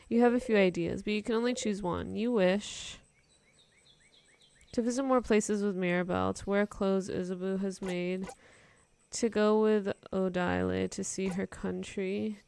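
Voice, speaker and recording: A woman's voice: mid-range voice, vocal fry, a little mellow, a little hiss or hum. A young woman streamer reading a game's narration aloud in a casual, chatty way. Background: game music.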